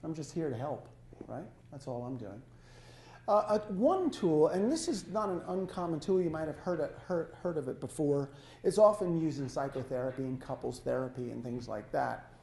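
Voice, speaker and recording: A man giving a life-coaching talk to a small audience, speaking in a halting, conversational way and often correcting himself. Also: a little high, expressive, gravelly, mellow. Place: lodge hall. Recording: echoey hall.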